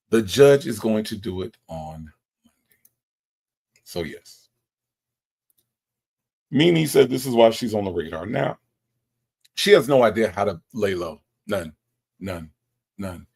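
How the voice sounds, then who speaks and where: Sassy gravelly-voiced male host. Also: fairly low pitch, sing-song, takes it slowly, pauses often, a little mellow. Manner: sassy, emphatic repetition. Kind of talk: livestream commentary reading chat.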